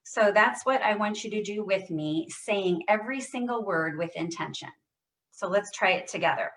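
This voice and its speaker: A woman speech therapist leading a voice exercise class over a video call, modelling short phrases loudly and stressing every single word. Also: medium pitch, normal speed, distant mic, rough recording. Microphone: computer mic on video call.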